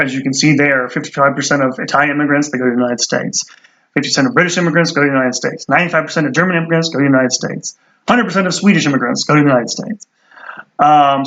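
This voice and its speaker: A man's voice: a little high, a bit bright, dull audio. A man giving a recorded history lecture to his students, rambling with many fillers and restarts and the odd wry aside.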